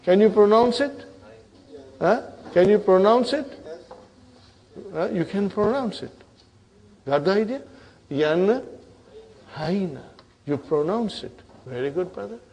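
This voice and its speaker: Slow, drilling Arabic grammar teacher. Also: male voice, high-pitched, animated, darkish tone. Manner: drills conjugations aloud, checks with "huh?" and "brother". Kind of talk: classroom grammar lesson.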